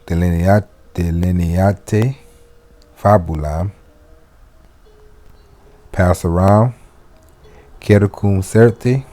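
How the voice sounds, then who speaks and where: A man teaching spoken classroom phrases, giving each in English and then repeating it slowly and deliberately. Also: low voice, dark tone. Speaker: Latin teacher. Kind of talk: slow classroom phrase lesson.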